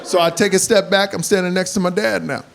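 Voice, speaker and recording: A male stand-up comic with a high voice, telling animated stories on a club stage through a handheld mic. Crowd laughter rolls in beneath him over a light room hiss. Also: fast, vocal fry. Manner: animated storytelling that builds to shouts. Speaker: stand-up comedian. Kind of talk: stand-up comedy. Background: audience laughter and room hiss.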